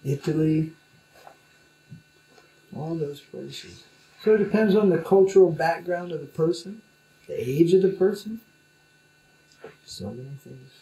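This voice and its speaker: A man's voice: fairly high pitch, animated, a little slow, pauses often, dark tone, reverberant, low-quality recording. A man who is a spiritual teacher, talking informally in loose, rambling speech with many fillers. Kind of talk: informal conversation.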